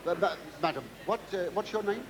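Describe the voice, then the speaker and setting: A man's voice: sits high, fast, heavy background noise. An older male comedian taking audience questions, rambling through stories with stammers and wry asides. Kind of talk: stand-up audience Q&A.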